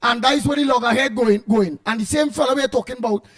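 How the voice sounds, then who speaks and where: A man's voice: extremely high pitch, fast. A man with a Trinidadian accent hosting a call-in radio show, talking emphatically and often raising his voice. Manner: emphatic, animated, often shouting. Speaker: radio talk show host.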